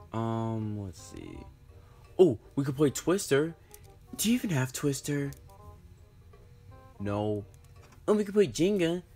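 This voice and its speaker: Playing a whole group of squabbling friends, a young man runs through an offhand improvised comedy bit full of whiny slang and filler words. His voice sits at medium pitch with a dark tone.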